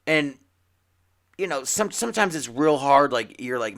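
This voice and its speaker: A man co-hosting a comics podcast, talking in a rambling, animated way with many restarts and little acted-out quotes. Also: mid-range voice, normal speed, creaky. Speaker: podcast co-host. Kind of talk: casual chat about comics and TV.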